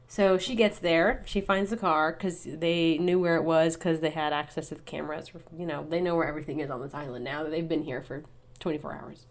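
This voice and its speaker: A woman's voice: sits low, fairly even intonation, moderate pace. Chatty woman recapping a book. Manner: chatty, many fillers, acts out characters' lines. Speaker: podcast co-host. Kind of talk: casual book recap chat. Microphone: podcast mic over online call.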